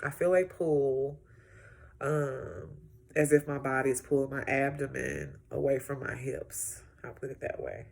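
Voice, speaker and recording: A woman's voice: a bass voice, little pitch movement, creaky, slightly rough. A woman sharing a personal healing testimony in a vlog, talking to viewers in a reflective, emotional way. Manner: slow, reflective, emotional, talks straight to viewers. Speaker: healing client giving a testimony.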